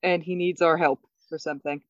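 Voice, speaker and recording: A woman co-hosting a podcast, recapping a TV episode in casual chat, animated and laughing often. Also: sits low, fairly quick, no room sound. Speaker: podcast co-host. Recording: dull, dry sound.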